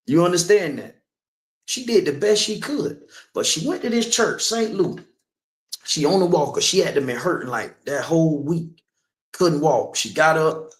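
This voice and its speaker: A man shares a personal testimony during a sermon, speaking conversationally and repeatedly checking in with listeners by asking "you know what I'm saying." His voice is a little high and animated at a normal speed, with a roomy sound.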